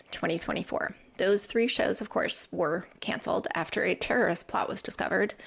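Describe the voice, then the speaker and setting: Woman, podcast host, earnest reflective recap narration, gravelly fry in the voice. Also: mid-range voice. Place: lives in England.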